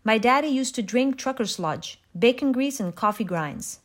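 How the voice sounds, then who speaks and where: Woman doing a calm dry-humored farmer. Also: fairly high pitch, moderate pace.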